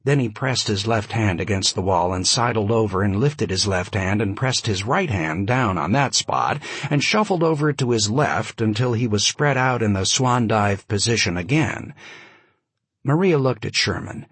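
Male audiobook narrator, lively delivery, husky voice, dry close sound. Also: on the low side, normal speed, no room sound. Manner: vivid, expressive storytelling. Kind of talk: scripted narration.

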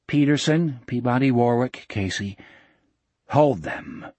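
A sinister preacher with a deep, mellow voice and a falsely gentle calm, spoken slowly and with a husky grain, as a man reading aloud puts him on. Every word drips sanctimony and quiet threat, delivered close and dry like an audiobook. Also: no room sound. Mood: sanctimonious. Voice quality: mellow, low and soft. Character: smooth menacing male preacher, falsely gentle.

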